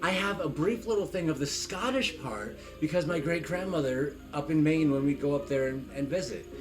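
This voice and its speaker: A man's voice: fairly high pitch, low-quality recording. A man from Arizona chatting casually on a stream beside the host, rambling off on long tangents. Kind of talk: casual live-stream chat. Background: game music.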